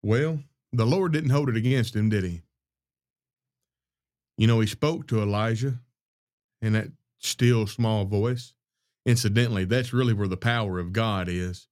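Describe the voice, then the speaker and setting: A man's voice: on the low side, measured pace, long pauses. Folksy man preaching on a podcast. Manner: folksy, conversational, calls listeners "y'all" and "buddy"; loud speaker by his own account. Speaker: podcast host. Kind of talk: preaching-style podcast talk on scripture.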